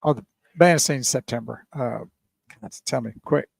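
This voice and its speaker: A man's voice: medium pitch, a little slow, gravelly, breathy edge, no room sound. A man, co-hosting a radio show in easy banter. He laughs often, and the sound is dry and close. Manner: laughs often, easygoing reactions. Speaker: radio co-host. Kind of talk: casual radio chat.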